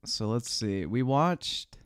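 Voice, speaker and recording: A man's voice: mid-range voice, animated, slow pace, clean tone, no room sound, clean studio sound. A man giving casual, profane commentary on a live stream as he reacts to clips, laughing often. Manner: laughs often, swears freely.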